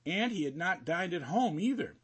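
A man narrating a classic story aloud in an expressive storytelling manner. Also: high voice, normal speed, slightly rough. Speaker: audiobook narrator. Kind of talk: scripted narration.

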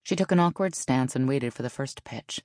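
A woman narrating a novel in an even storytelling manner. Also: a bass voice, normal speed, no echo, studio quality. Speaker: audiobook narrator. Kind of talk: scripted narration.

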